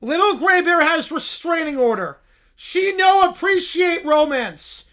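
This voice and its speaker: A clueless bear , put on by a man, bellows out slow, broken caveman talk in a high, bright voice. He swings his pitch wildly and sounds boastful and sure of himself. The delivery is loud and drawn out. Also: big pitch swings, exaggerated voice. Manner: slow caveman-style broken English, shouty. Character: dim-witted male bear, boastful, broken speech.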